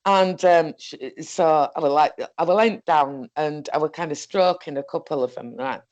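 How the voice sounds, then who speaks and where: A woman's voice: low-pitched, normal speed, darkish tone. Chatty Northern English woman, rambling. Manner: rambling, chatty, laughs often while telling a story. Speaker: co-host. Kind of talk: casual chat.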